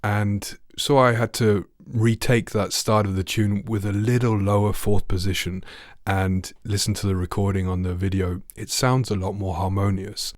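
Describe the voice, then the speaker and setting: A man with a deep, low voice gives a friendly online trombone lesson. He talks straight to the viewer and keeps asking questions. The sound is close and dry, with no room echo. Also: little pitch movement, normal speed. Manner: friendly, asks the viewer questions, sings notes. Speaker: trombone teacher.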